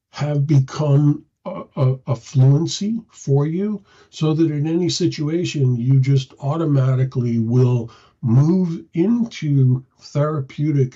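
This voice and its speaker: A man giving an instructional talk on calming someone in a crisis, speaking slowly and acting out soothing, commanding phrases. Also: medium pitch, husky. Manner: slow, measured, demonstrates soothing command phrasing. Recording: dull lo-fi audio.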